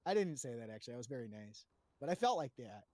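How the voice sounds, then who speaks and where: A man's voice: mid-range voice, big pitch swings, quick pace, dark tone, no room sound. A man retelling roleplay events to a panel in a rambling, profane way, full of fillers and restarts. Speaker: roleplay player giving testimony to a panel.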